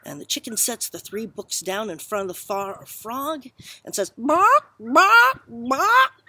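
A woman's voice: mid-range voice, animated, normal speed, husky. A woman telling a joke in a casual backyard vlog, playfully acting out the squawks of animals. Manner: playful storyteller, squawks loudly for animal voices. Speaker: vlogger. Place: outdoors in a backyard.

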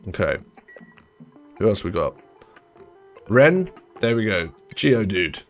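Taking it slowly, with big swings in pitch and faint music behind, a young gaming streamer rambles casually through a colony-building game. He's chatty, fixes his own wording as he goes, and trails off low in this let's-play commentary.

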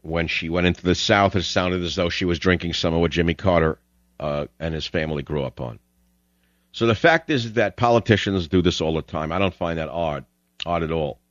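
An older man with a very low, deep voice delivers a combative talk radio monologue, heavy with sarcasm and sudden emphatic bursts. The sound is dry and close, a little dull and muffled. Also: brisk, no room sound.

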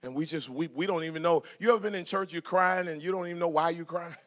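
Church preacher guy, middle-aged, high pitched, joking with the congregation then shouting. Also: fast. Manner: swings from soft asides to shouted preaching; jokes with congregation, laughs. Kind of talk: sermon. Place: church sanctuary.

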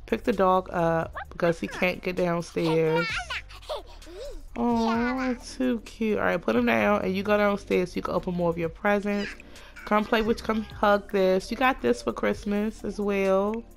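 A woman chatting casually through a life-sim game, gushing over her characters and voicing them in quick asides. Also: mid-range voice, vocal fry, soft background music. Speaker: Sims let's play narrator. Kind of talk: casual gameplay commentary.

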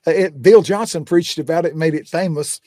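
An older man with a slightly high voice tells faith stories in a homespun, fervent way. He keeps coming back to emphatic refrains as he talks. The sound is close and dry, with no room echo. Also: a little fast, warm tone. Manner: folksy, fervent, repeats "I'm telling you". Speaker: guest preacher. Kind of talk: testimony storytelling in a conversation.

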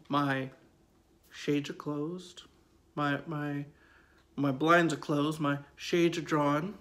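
A man in his forties tells a spooky personal story in a casual, conversational way. He talks slowly and leans on his words, often repeating a phrase for emphasis. His voice sits a little higher than most men's. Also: a bit bright.

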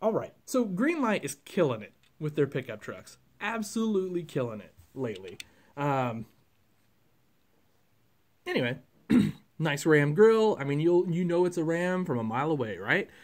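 A man's voice: on the high side, big pitch swings, moderate pace. A man, casually reviewing a model truck in a rambling, chatty way with many fillers.

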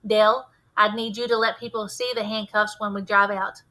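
Woman reader doing a persuasive male detective: calm, firm, clear and bright, a little raised in volume. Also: medium pitch, normal speed, close to an everyday voice, poor audio. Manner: firm, reasoning, reassuring. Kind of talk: read-aloud character voice.

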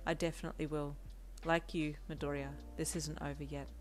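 Woman voicing a calm, formal young man. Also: deep voice, brisk, soft background music, natural voice. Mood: resolute. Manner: quiet, formal, soft-spoken. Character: young adult male hero, calm, formal and reserved.

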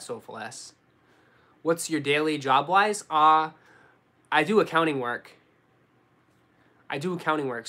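A young man with a Boston accent, chatting casually on a live stream and answering viewers, relaxed and full of slang. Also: medium pitch. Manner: relaxed, slangy, says dude and bro a lot. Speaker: sneaker YouTuber answering live chat.

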